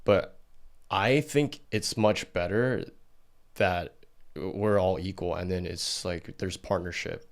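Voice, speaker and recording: A man's voice: low voice, slow, gravelly. A man hosting a casual podcast interview, blunt and profane, challenging his guest. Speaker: podcast host.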